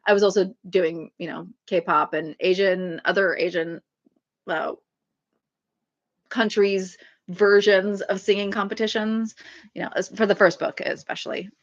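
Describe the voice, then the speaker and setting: A woman talks loosely on a livestream, circling her thoughts with "um" and "like" and breaking into small laughs. Her pitch sits in a middle range. The sound is a little dull and lo-fi, like a home livestream mic. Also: fairly even intonation, measured pace. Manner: chatty, rambling, frequent fillers and laughs. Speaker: author hosting a livestream. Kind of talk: casual livestream chat.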